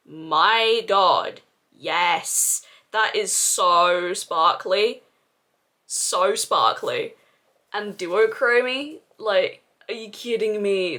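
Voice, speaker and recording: A woman's voice: mid-range voice, pushed and bright. A young woman doing a casual makeup review, gushing and exclaiming with casual swearing. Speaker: beauty vlogger.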